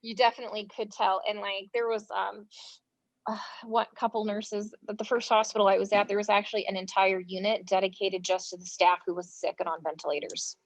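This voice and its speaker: An American front-line nurse, appearing as an interview guest, tells lively stories in a casual conversation, animatedly acting out quoted dialogue and using plenty of fillers. Her voice is medium-pitched and fairly quick. The recording is dull and lo-fi, in a dry room with no room sound.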